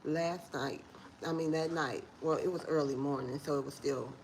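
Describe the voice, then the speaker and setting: A woman in her forties talks to her viewers from home in a casual morning vlog. Her voice is gravelly with fry and sits on the low side, her manner earnest and a bit preachy. Faint room noise hums behind her. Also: fairly even intonation, moderate pace. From Detroit, USA. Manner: heartfelt, preachy, talks straight to viewers as y'all. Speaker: vlogger.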